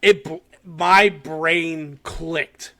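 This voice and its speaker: A man's voice: on the high side, extremely slow. A man co-hosting a podcast, animatedly recapping a horror short in casual chat, swearing often and laughing as he tells it. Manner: animated, swears a lot, laughs while telling.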